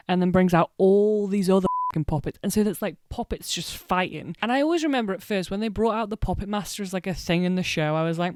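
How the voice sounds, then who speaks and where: A young woman recapping an anime in a casual, animated way, swearing freely and poking fun at herself. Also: mid-range voice, fairly quick, clear, resonant tone, no echo, clean studio sound. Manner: animated, sweary, self-deprecating. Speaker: anime reaction vlogger.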